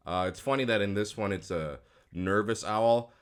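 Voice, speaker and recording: Very deep-voiced man, rambling and frank. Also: big pitch swings, measured pace, fairly bright tone. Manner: rambling, frank, full of fillers and restarts; dry, self-mocking. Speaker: voice actor and host. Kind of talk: casual reaction commentary.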